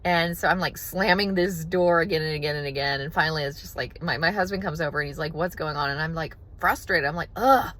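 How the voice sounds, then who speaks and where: Woman rambling to camera, lots of restarts, lowish voice, gets animated. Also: quick pace, hardly any pauses. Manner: rambling, many restarts and repeated words; animated, acts out her own frustration. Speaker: vlogger. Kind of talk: casual talking-to-camera vlog.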